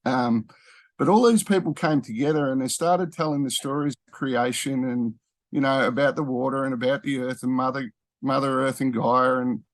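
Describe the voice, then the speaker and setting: A man's voice: medium pitch, steady tone, normal speed, no echo. A man, talking casually in a rambling way, full of fillers and restarts. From Australia. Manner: rambling, with frequent fillers and self-corrections. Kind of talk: casual conversational talk.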